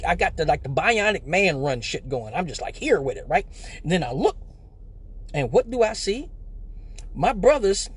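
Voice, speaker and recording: A man's voice: high voice, slightly rough. A man telling a profane comic story on a live stream, acting out voices and sounds. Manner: animated, profane, acts out voices. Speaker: live show host. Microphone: phone or webcam on a live stream.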